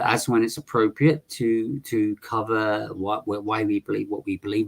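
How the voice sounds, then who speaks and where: A man hosting a live call-in stream, polite and firm, with a lot of hesitant ums. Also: fairly low pitch. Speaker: livestream host.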